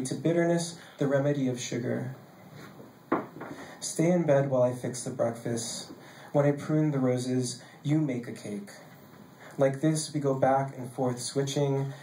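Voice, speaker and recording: A man reading his own poems live on a stage mic, casual and joking between pieces and measured while reading. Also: medium pitch, dark tone, slight background noise. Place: basement bar venue, live. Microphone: handheld stage mic. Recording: echoey basement room.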